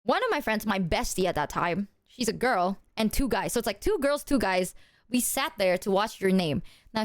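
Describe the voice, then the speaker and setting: A woman streamer telling stories to her chat in a lively, profane, chatty way. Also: on the high side, dry recording, studio quality. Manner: animated, profane storytelling, talks to chat. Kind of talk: casual livestream chat.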